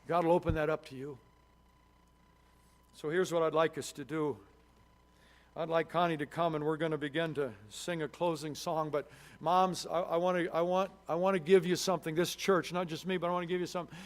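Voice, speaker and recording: A man's voice: fairly high pitch, fairly even intonation, moderate pace, pauses often. A male pastor preaching a sermon in church, telling a story with many restarts and rising to emphatic peaks. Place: church sanctuary.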